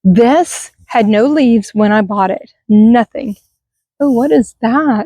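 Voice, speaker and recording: Middle-aged woman from Texas, fairly high voice, dry outdoor sound, rambling and wistful vlog chat. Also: slow pace, mellow, dry recording. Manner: rambling, wistful, chatty with viewers. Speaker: vlogger. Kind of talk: casual garden tour vlog. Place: outdoors in a yard by a busy street. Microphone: handheld camera.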